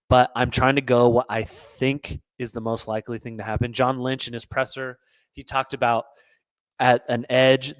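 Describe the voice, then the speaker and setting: A man's voice: medium pitch, clear, resonant tone, no echo. Solo sports host, male, opinionated ranter, dry close sound. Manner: opinionated, rants, repeats himself.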